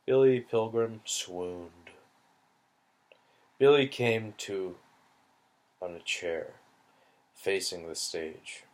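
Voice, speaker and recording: A man reading a novel aloud in a slow, deliberate manner. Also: lowish voice, animated. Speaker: audiobook reader.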